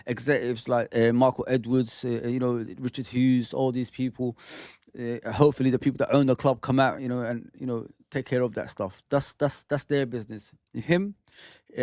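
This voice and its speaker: A man's voice: mid-range voice, a little mellow, no echo, clean studio sound. A man hosting a football fan channel, ranting with heated, exasperated commentary and some swearing.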